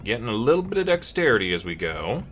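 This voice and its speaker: A man's voice: on the low side, very animated, fast talker, fairly bright tone, faint music behind. A man streaming a video game, reading its text aloud and joking playfully. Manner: playful, reads narration aloud. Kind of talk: casual gameplay commentary and reading game text.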